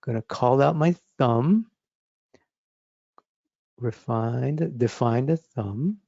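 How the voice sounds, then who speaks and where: A man teaching drawing, talking through his sketch step by step as he works, thinking aloud in a relaxed, encouraging way. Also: mid-range voice, extremely slow, creaky, husky, dry recording, highs cut off. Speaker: drawing instructor. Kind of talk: live drawing demonstration.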